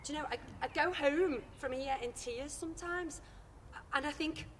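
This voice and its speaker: A woman's voice: high-pitched, moderate pace, close to an everyday voice. An actress playing a weary daughter who confides her exasperation about her father. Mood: exasperated. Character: weary, worried grown daughter. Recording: outdoor recording with faint background noise.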